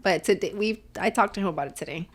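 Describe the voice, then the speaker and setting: A woman's voice: medium pitch, fast. Chatty young woman telling family stories. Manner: animated storytelling, switching between English and Spanish. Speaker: podcast co-host. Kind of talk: casual chat.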